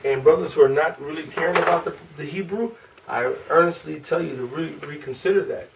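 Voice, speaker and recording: A man's voice: on the high side, brisk, creaky. Man teaching, far from the mic. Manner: loose, rambling, with many restarts and slang. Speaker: class teacher. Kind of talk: informal classroom lesson. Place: classroom. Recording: distant from the mic, faint room noise.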